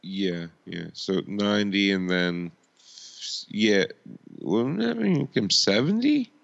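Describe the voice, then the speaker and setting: Brief: low, gravelly male co-host, lively inflection, rambling, dull lo-fi audio. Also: slow pace. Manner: rambling, self-correcting, apologetic. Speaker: podcast co-host. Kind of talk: casual chat.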